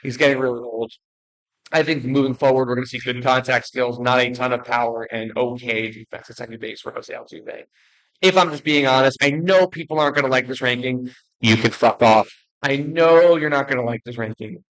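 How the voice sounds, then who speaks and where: Young guy ranking ballplayers off the cuff, blunt and jokey, keeps restarting and saying sorry, mid-pitched voice. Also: steady tone, brisk, a bit bright, rough recording. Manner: blunt, joking, rambling with restarts and apologies. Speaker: baseball video creator. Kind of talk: casual ranking commentary.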